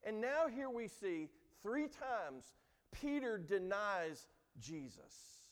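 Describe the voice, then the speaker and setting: Slow and high-pitched, with big swings in pitch, a man preaches as pastor in a church. He is earnest and emphatic, acting out the lines he quotes with growing intensity, while the hall's reverb rings on long.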